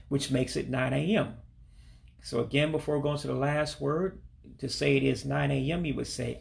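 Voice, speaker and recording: A man with a deeply gravelly, creaky voice talks through a casual language lesson at a middle pitch. He is patient and walks through each phrase slowly, then says it again fast. English is his first language. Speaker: language learner teaching vocabulary. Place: home in Alabama.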